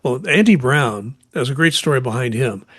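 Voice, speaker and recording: A man's voice: medium pitch, lively intonation, moderate pace, husky, no room sound, clean studio sound. A man who hosts talk radio, co-hosting a podcast and telling stories in casual chat.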